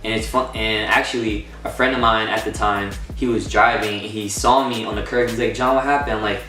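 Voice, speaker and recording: A young man telling a personal story in a casual storytime vlog, excited, swearing and acting out what people said. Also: on the low side, brisk, soft background music. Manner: excited, swearing, acts out quotes. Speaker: vlogger. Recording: roomy echo from far off.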